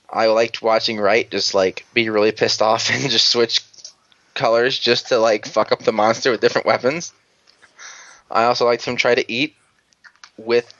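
A man's voice: medium pitch, fairly bright tone, dull audio. A man chatting casually on a podcast, recapping a TV episode in a rambling way, acting out characters' lines and swearing freely. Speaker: podcast co-host.

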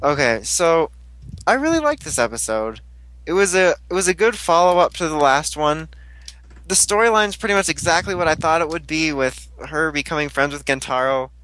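A man's voice: fairly high pitch, lively intonation, moderate pace, sharp tone, low-quality recording. A young man recapping a TV episode in casual chat, rambling, giggly and crude, often mimicking the characters. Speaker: podcast host recapping an episode.

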